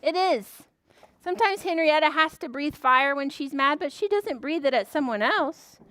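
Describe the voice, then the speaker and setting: A woman librarian leading a preschool story time, animated and sing-song, gasping in surprise as she talks to small children. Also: high voice, normal speed, no room sound.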